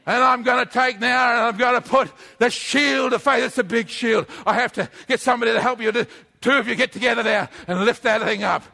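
A male preacher delivering an energetic sermon, leading his congregation in call-and-response and often shouting. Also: very high-pitched, a little fast, creaky.

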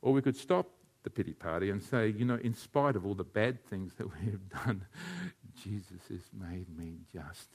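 A man preaching a sermon, telling stories and speaking to listeners by name. He drops to hushed, quiet passages and then rises to loud, shouted climaxes. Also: fairly low pitch, brisk, few pauses. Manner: addresses listeners by name, tells anecdotes.

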